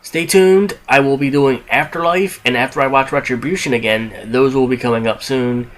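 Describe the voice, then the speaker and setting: A man's voice: medium pitch, moderate pace. A young man casually reviewing a film on his podcast, rambling with frequent restarts, asides and casual swearing. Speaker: movie reviewer, podcast host.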